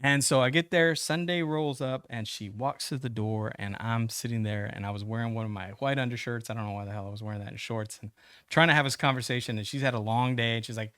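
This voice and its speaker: A man's voice: mid-range voice, quick pace, fairly bright tone, clean tone, no echo, clean studio sound. A man, casually telling a long story as a podcast guest, full of fillers, restarts and swearing. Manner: rambling, many fillers and restarts, swearing, acts out quoted voices.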